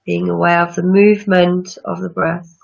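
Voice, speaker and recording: Gravelly low-voiced woman guiding meditation. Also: flat delivery. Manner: slow, soothing instructions. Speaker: yoga teacher. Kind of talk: guided breathing meditation. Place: room with chairs, not a studio. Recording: dull lo-fi sound.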